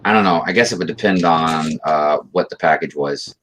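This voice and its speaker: A man's voice: rumbling low, a little fast, a bit bright, a little hiss or hum, low-quality recording. A man co-hosting a livestream, chatting and bantering playfully. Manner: bantering, playful, swings his voice widely. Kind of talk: casual chat on a livestream.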